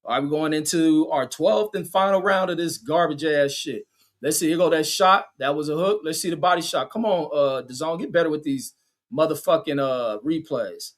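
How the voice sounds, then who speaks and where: A man with a somewhat high voice calls a boxing fight live, cursing freely and mocking the fighters. He keeps stopping to read viewer comments aloud, tripping over repeated "says" and "uh". When a big shot lands he yells and his voice jumps sharply upward. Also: moderate pace. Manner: crude, blunt and mocking, reads chat comments aloud with frequent "says" and "uh" fillers; shouts and jumps high in pitch at big punches and knockdowns. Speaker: livestream boxing commentator reading chat. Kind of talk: casual play-by-play livestream commentary.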